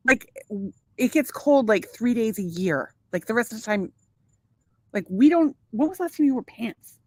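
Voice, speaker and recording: A woman's voice: on the high side, animated, normal speed, darkish tone, no echo. Profane, rambling woman podcast host. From United States. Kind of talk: casual married-couple chat. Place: home in Florida.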